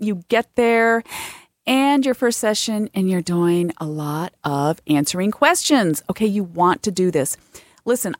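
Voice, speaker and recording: A woman's voice: mid-range voice, no room sound, studio quality. A woman therapist co-hosting a podcast, explaining at length with frequent restarts and examples. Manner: explanatory, restarts often, tells client stories. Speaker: therapist and co-host. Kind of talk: casual podcast chat.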